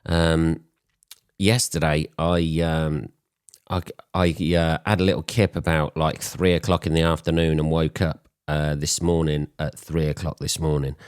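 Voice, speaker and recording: A man in his forties, hoarse from a cold, hosting a podcast in a blunt, swearing, rambling monologue. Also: rumbling low, flat delivery, measured pace, no echo, clean studio sound. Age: 40s. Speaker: podcast host. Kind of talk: casual solo podcast monologue.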